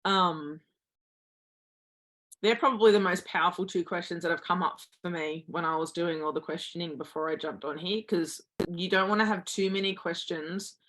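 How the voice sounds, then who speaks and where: A woman's voice: on the low side, fairly even intonation, normal speed, fairly bright tone. Earnest woman coaching mindset. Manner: earnest, encouraging, acts out inner voices. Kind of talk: motivational talk.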